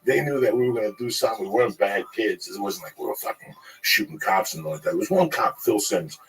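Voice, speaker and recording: A man's voice: lowish voice, expressive, quick pace. A man telling rambling, profane street stories in a casual group conversation. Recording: distant mic with clear background noise.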